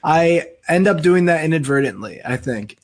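A man's voice: a little high, animated, moderate pace. A young man from the US East Coast with a laid-back, surfer-like drawl, chatting casually as a guest comedian. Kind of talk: casual podcast chat.

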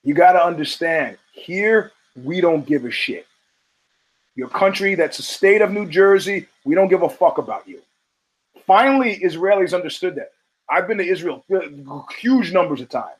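A man's voice: sits high, lively intonation, moderate pace, low-quality recording. A man hosting a podcast, telling stories in a casual, profane monologue and acting out the people he quotes. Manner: profane storytelling with acted-out quotes. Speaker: podcast host.

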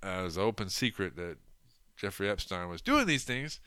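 A man's voice: low voice, very animated, fairly quick, bright, forceful tone, clear, resonant tone, no echo, studio quality. A man hosting a podcast, talking in a rambling, crude, mocking way with lots of fillers. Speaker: podcast host. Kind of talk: casual political commentary.

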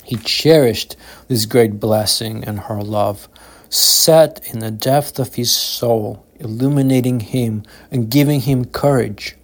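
A man reading his own novel aloud in a slow, measured, solemn audiobook narration. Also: mid-range voice.

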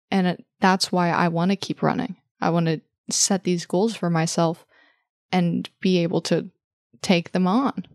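A woman's voice: lowish voice, steady tone, unhurried, a little mellow, no echo, studio quality. A young woman, a podcast guest, chatting in an upbeat, easygoing way and laughing often. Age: young adult. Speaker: guest, host's daughter. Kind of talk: casual chat.

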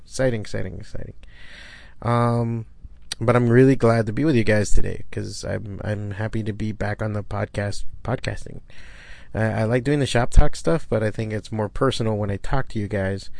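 Profane rambling middle-aged podcast host. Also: male voice, lowish voice, gravelly, dry recording. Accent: Miami. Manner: rambling, profane, self-deprecating. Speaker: podcast host and comic shop owner. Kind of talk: casual solo podcast talk. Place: his home studio.

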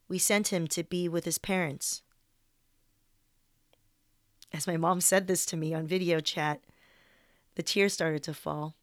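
A woman's voice: on the low side, no echo, studio quality. A young woman reading her personal essay aloud in a candid, wry way, with some swearing.

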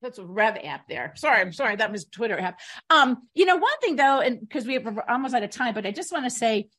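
A woman co-hosting a political talk show, chatty and quick to laugh, often restarting her sentences. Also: on the high side, sing-song, a bit bright. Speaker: radio talk show co-host.

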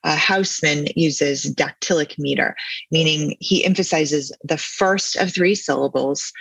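A man's voice: a little high, a bit bright, no echo, poor audio. A man hosting a poetry podcast, explaining a poem in a thoughtful, musing way and then reading it aloud. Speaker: podcast host.

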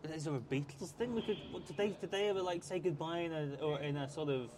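A man's voice: a little high, fast, noisy background. A man co-hosting a podcast in casual chat, hesitant and self-deprecating. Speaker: podcast co-host.

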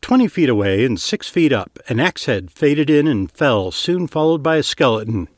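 A man's voice: mid-range voice, big pitch swings, moderate pace, no room sound. Man narrating fiction, dry close mic.

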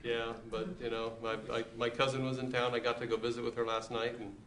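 Fast-talking man, monotone, soft-spoken, roomy echo with faint noise. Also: medium pitch. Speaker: listener.

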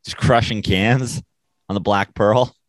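Deep-voiced sarcastic man on a podcast. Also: steady tone, a little slow, no echo. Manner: sarcastic, joking, does mocking voices. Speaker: podcast co-host. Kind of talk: casual sports podcast banter.

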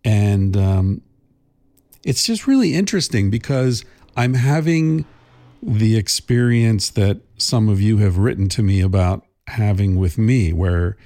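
A middle-aged man hosts a podcast as a casual monologue, thinking aloud in a rambling way full of fillers and restarts. His fairly low, warm voice has lively intonation and a measured pace, captured with clean studio sound and no echo.

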